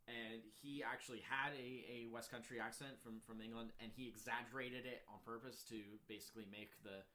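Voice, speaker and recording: A man co-hosting a casual film chat, rambling with many fillers and jumping up in pitch when he gets excited. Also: brisk. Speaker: co-host ranking films.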